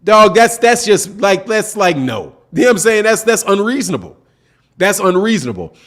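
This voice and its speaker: Male stream host, high voice, emphatic slangy rant, repetitive, reacting to chat. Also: big pitch swings, normal speed, fairly bright tone. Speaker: boxing channel host. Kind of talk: casual live-stream commentary.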